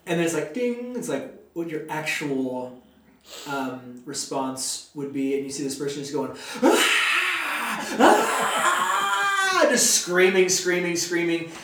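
A man's voice: fairly high pitch, animated, measured pace, fairly bright tone, slight background noise. Chatty man leading a Bible study. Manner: chatty, rambling, uses fillers. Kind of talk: casual Bible study teaching. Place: church meeting room. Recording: echoey room, distant mic.

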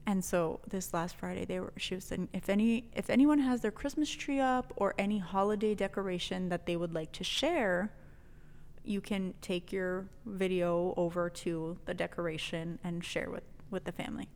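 Animated woman telling a story, reverberant. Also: lowish voice, normal speed. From New Mexico. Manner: animated, swears freely, laughs often. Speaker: podcast guest telling a story. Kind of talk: casual storytelling.

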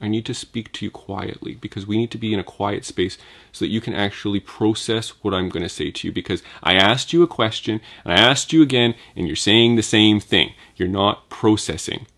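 A man voicing God, speaking softly and gently to calm a weary prophet. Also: fairly low pitch, normal speed, hardly any pauses. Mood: soothing hushed. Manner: soft, hushed and calming.

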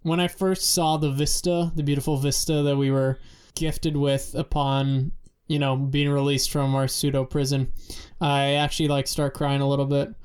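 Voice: medium pitch, little pitch movement, normal speed, darkish tone, clean tone. A tabletop game player describing their character in a reflective way. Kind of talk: casual game talk.

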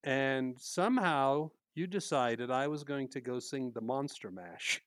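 A man's voice: medium pitch, a little slow, no room sound. A man co-hosting a casual podcast chat, telling theater stories with lots of laughter. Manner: lively storyteller, laughs often. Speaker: podcast co-host, mystery theater actor.

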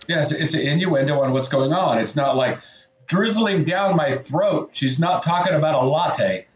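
A man's voice: medium pitch, fairly quick, roomy sound, soft background music. A man co-hosting a casual morning show, rambling and restarting his sentences. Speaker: co-host.

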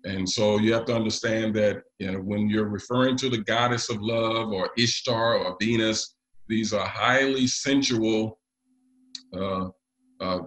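A man preaching a sermon to his congregation, often pausing with fillers. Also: lowish voice, steady tone, fairly bright tone, rough recording. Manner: leads the congregation in call and response; halting, with frequent pauses and fillers. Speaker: pastor.

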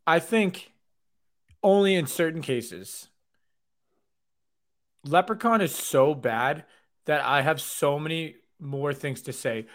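A man co-hosting a podcast, ranting and joking with lots of swearing. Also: fairly high pitch. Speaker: podcast co-host. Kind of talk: casual podcast banter.

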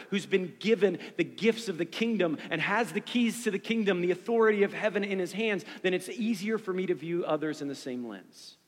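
A man's voice: high-pitched, in a large hall. A man in his forties preaching a sermon in earnest, building through repeated phrases. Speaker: pastor.

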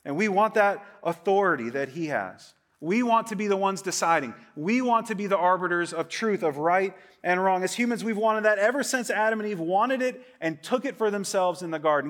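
A man's voice: animated, fairly quick, hardly any pauses. A middle-aged male pastor preaching a sermon to a church congregation in a conversational way, often checking in with "right?" and acting out quoted voices. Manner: conversational, keeps asking "right?"; acts out quoted voices with a rising, louder pitch.

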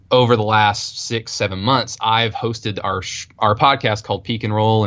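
A young man with an Oklahoma accent, talking in a relaxed, rambling way as a guest on a podcast. His voice sits fairly low, and the sound is a bit dull and dry, with no room around it. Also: no echo. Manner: self-deprecating, rambling with fillers. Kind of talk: casual podcast chat.

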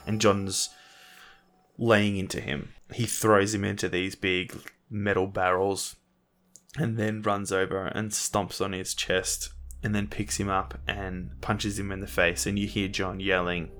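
A man's voice: low-pitched, flat delivery, measured pace, a bit bright. A man narrating a tabletop game as game master, describing the scene vividly with fillers.

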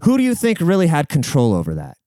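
Brief: young male host, blunt and profane, smooth voice, dry close sound. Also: fairly high pitch, wildly swooping pitch, quick pace, mellow, no room sound. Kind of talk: crude casual monologue.

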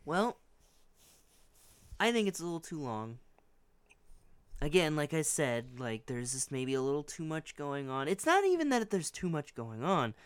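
A man's voice: fairly high pitch, sing-song, a little slow, pauses often, clean tone, no room sound. A man co-hosting a podcast, chatting casually and rambling, hedging with many restarts. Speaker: podcast co-host. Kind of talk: casual chat.

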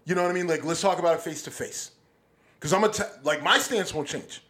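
A man's voice: fairly high pitch, quick pace, a bit bright. A man co-hosting a podcast in a studio, talking bluntly and with plenty of swearing as he gets heated. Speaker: podcast co-host. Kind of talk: casual chat.

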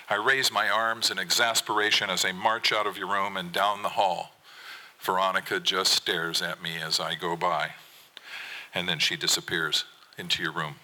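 A man's voice: sits low, normal speed, bright, forceful tone, poor audio. A man, a fisherman poet, reading a personal story aloud in an intense, earnest manner at a live event on a theater stage.

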